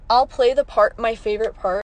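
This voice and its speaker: A woman's voice: a little high, a little fast, over loud music. A young woman hosting a podcast from her parked car, rambling and chatty, laughing often. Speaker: podcast host. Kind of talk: casual chat.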